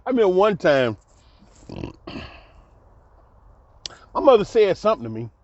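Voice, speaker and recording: High, lively middle-aged man telling stories. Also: measured pace. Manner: exclamatory, laughs often, colloquial. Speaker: vlogger telling his life story. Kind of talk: animated personal storytelling. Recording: dull lo-fi dry recording.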